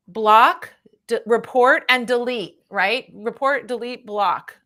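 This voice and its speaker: A middle-aged woman giving a casual tarot reading on a livestream, chatty and animated, often adding "right?" and laughing. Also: fairly high pitch, slow. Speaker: tarot reader.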